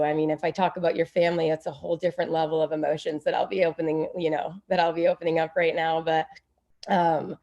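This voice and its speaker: Woman, 30s, low voice, emotional off-the-cuff tribute over a video call, close to tears. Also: dark tone, highs cut off. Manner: rambling, gushing, many fillers. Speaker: former teammate giving a tribute. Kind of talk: unprepared heartfelt speech.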